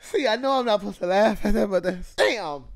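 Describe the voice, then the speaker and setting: A man's voice: sits high, animated, a little fast, gravelly. A man hosting a movie reaction video, laughing often and apologizing through the laughs as he talks over the film. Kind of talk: casual reaction commentary.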